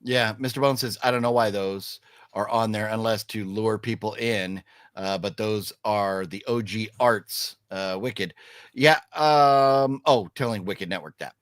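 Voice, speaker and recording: A man's voice: fairly low pitch, unhurried, no echo. An older man co-hosting a live stream, reading chat comments aloud and joking casually. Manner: lively, reads chat comments aloud, jokey. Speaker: co-host. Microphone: streaming setup.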